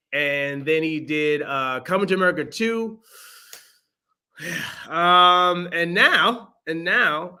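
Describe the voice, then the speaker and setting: Young male podcast co-host, bright tone, animated jokey delivery, laughs a lot. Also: on the high side. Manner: animated, joking, laughs often. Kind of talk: casual movie review chat.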